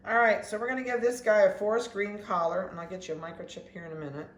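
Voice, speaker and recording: A dog breeder chatting casually while weighing and collaring puppies, talking softly and coaxingly to them. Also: medium pitch, fairly even intonation, fast talker. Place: indoor kennel room. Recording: echoey room with faint background noise.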